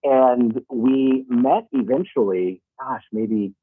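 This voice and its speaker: A man's voice: mid-range voice, takes it slowly, breathy edge, no echo. A man calling into a radio interview as a guest, an animation creator who talks enthusiastically and rambles, laughing often. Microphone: phone call. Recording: tinny phone line.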